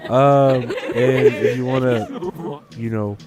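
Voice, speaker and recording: A man's voice: mid-range voice, steady tone, slow pace, over a noisy crowd. A man hosting a solo podcast, rambling and swearing in a sarcastic, offhand way. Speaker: podcast host. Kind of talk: casual solo podcast rant.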